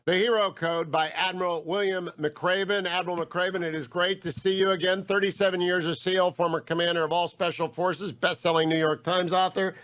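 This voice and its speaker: Man, talk radio host, middle-aged, enthusiastic, conversational, fairly high voice. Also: little pitch movement, a bit bright. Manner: chatty, enthusiastic, quick asides. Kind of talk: radio interview.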